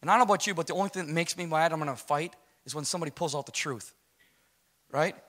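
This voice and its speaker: Man retelling his story, slightly high. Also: very fast, fairly bright tone. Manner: storytelling, acts out dialogue, frequent "right?". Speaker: guest speaker giving testimony. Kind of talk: emotional personal testimony.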